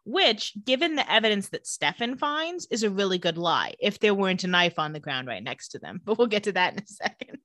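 A woman co-hosting a casual chat, retelling scenes and quoting characters in quick voices. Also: medium pitch, very animated, pushed and bright, no room sound. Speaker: podcast co-host recapping a TV episode.

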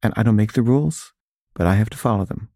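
A man's voice: on the low side, quick pace, warm tone, no echo, studio quality. A man doing a stern woman ticket clerk. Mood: firm.

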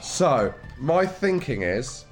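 A man's voice: medium pitch, very animated, slow pace, soft background music. A man competing on a quiz show, reasoning aloud in casual banter and laughing often. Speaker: quiz contestant.

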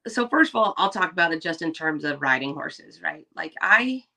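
Woman co-host, lower-pitched and bright, animated storyteller. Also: moderate pace, gravelly. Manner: animated storyteller, acts out quoted voices. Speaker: podcast co-host. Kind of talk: casual storytelling chat.

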